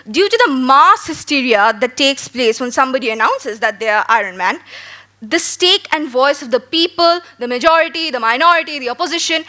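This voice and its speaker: A young woman from India delivers a competitive debate speech in a high, bright voice. She argues emphatically, with rhetorical questions and dramatic pauses. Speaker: school debater.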